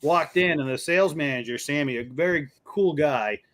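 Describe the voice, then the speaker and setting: A man telling lively stories in a casual chat and acting out the people in them. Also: fairly high pitch, normal speed. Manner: animated storyteller, acts out quoted voices. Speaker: co-host.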